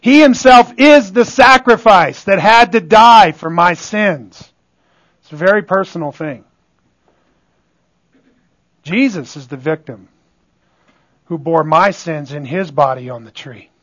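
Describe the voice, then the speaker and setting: A pastor with a slightly high voice preaches emphatically, the audio dull, often checking whether listeners are with him by asking "are you with me?" in call-and-response fashion. He swings between loud, stressed words and quiet asides.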